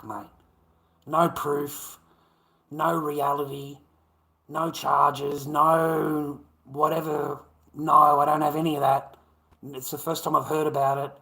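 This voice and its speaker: A man's voice: fairly high pitch, level tone, unhurried, vocal fry, sharp tone. A man on a live stream, ranting in a sweary, emphatic, repetitive way and calling listeners mate.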